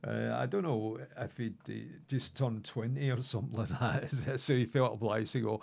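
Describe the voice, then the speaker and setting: Creaky-voiced man hosting an oldies show. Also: medium pitch, steady tone, moderate pace, hardly any pauses, a little mellow. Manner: chuckling, rambling, many uh fillers. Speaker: radio music show host. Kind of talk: casual radio chat between records.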